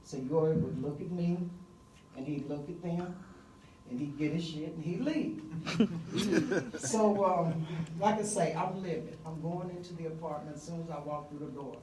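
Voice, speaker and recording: A middle-aged woman telling a personal story live on stage, vivid and conversational with frequent pauses and fillers. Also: deep voice, warm tone, reverberant, recorded from a distance, a little hiss or hum, rough recording.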